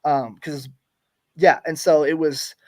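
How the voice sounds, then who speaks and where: A man's voice: fairly high pitch, steady tone, slow. A man co-hosting a casual sports podcast, laid-back and explanatory, with lots of ums. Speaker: podcast co-host.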